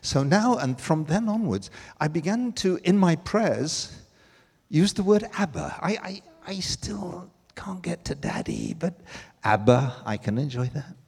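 An older man preaching a sermon, telling personal stories with emotion that swings from loud to hushed. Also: high voice, very animated, unhurried, gravelly, breathy edge, big-room sound.

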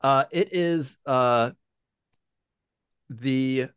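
A man's voice: medium pitch, very slow, a bit bright, clean tone, dry recording, studio quality. A man narrating a tabletop game as game master, rambling with many fillers.

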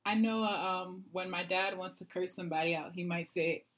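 A woman's voice: lowish voice, steady tone, fairly bright tone. A woman asking questions in a casual language lesson, repeating phrases carefully. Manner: slow, careful repetition of phrases. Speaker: language learner.

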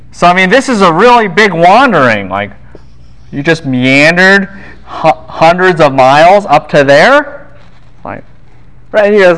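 A man giving a university Bible lecture, lively and quizzing the class with quick asides. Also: fairly high pitch, poor audio.

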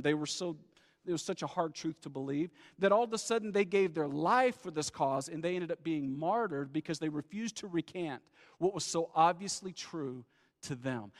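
A man preaching a sermon as pastor, conversational and animated, acting out the people he talks about. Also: high-pitched, in a large hall.

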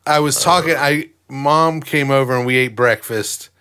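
A man's voice: mid-range voice, moderate pace, pushed and bright, smooth. A man co-hosting a casual chat, setting up joke riddles and laughing at his own punchlines. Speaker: podcast co-host telling jokes.

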